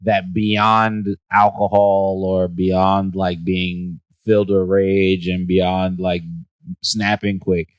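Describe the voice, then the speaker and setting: A man co-hosting a podcast, talking in casual chat, animated and profane, acting out scenes with big jumps in pitch and frequent laughs. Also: slow, smooth, no echo. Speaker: podcast co-host. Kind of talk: casual movie-review chat.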